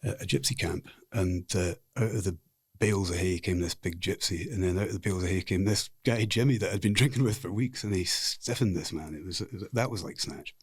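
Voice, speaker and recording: A man's voice: low-pitched, fairly quick, hardly any pauses, husky, dry recording, studio quality. A middle-aged man with a Scottish accent, a podcast guest telling frank, rambling stories in a casual interview. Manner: frank, rambling anecdotal storyteller.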